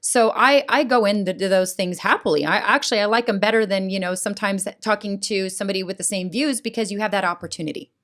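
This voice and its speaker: A middle-aged woman, a guest on a podcast, telling a heartfelt personal story in an earnest, animated way and often asking "right?". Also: mid-range voice, quick pace, hardly any pauses. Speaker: school board president, guest. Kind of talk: emotional personal testimony in a podcast interview.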